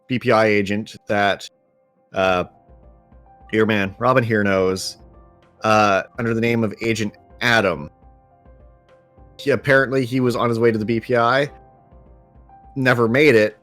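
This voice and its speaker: Loud man playing in a tabletop game. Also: medium pitch. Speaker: player. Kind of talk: tabletop role-play.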